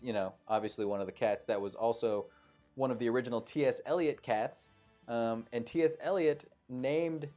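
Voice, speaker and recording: A man hosts a live trivia show, reading out each question before riffing on it with playful, joking asides. His pitch swings widely as he talks, and he comes across a little mellow. Faint music plays in the background beneath him.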